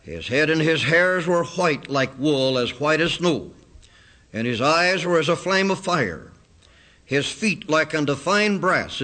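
A man preaching a sermon, reading scripture aloud in an earnest, measured cadence. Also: on the high side, sharp tone, rough recording.

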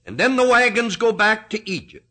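A man preaching a sermon, slow and emphatic, rising and falling sharply in pitch and loudness. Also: very animated.

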